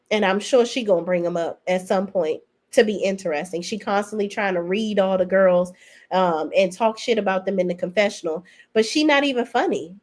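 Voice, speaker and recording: Woman podcaster, sassy and blunt, mid-pitched, slangy opinionated recap. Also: a little mellow. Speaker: podcast host reviewing reality TV. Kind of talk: casual opinionated recap commentary.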